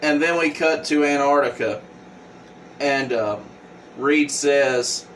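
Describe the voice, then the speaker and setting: A man giving a casual plot recap in a halting way, with frequent fillers and restarts. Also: mid-range voice, fairly bright tone. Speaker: comic book reviewer. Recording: distant mic with faint hum.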